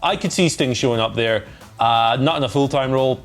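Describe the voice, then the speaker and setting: A man co-hosting a casual wrestling news chat, relaxed and agreeable, with many fillers. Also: medium pitch, brisk, soft background music. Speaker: co-host.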